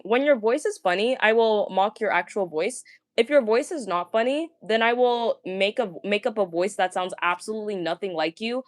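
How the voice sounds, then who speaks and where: A young woman talking casually, ranting to viewers, stammering and repeating words, with a fairly deep voice for a woman. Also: no room sound, clean studio sound. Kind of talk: casual rant.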